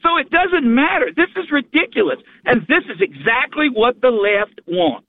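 Hurried male caller on a tinny phone line. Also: very high voice, sing-song, no room sound. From Arkansas. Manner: earnest, hurried. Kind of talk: call-in talk.

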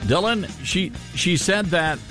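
Male talk radio host, Southern accent, jokey storyteller, lively delivery. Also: high voice, takes it slowly, faint music behind. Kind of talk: talk radio chat and live ad reads. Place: radio studio.

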